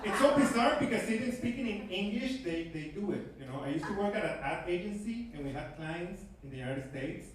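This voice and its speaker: A man from Venezuela doing a stand-up comedy set in a small theater, rambling and animated with lots of "like" and "man.". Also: sits high, brisk, few pauses. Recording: echoey room, distant mic, background noise.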